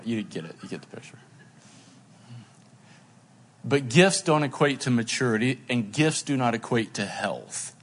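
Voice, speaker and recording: A man's voice: mid-range voice, unhurried, pauses often. A middle-aged man preaching a sermon in a conversational, self-deprecating way, with asides to the congregation. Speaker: pastor.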